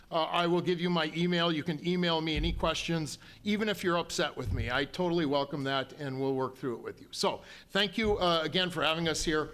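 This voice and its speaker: At a town hall, a male county official answers questions in a folksy, conciliatory manner, with frequent ums and restarts in his public remarks. His voice is fairly high in pitch and fairly bright in tone.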